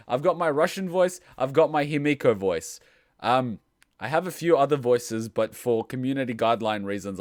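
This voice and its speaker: A man's voice: medium pitch, heavy background noise. A young man giving casual, chatty, self-deprecating commentary while playing a game. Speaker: let's play gamer.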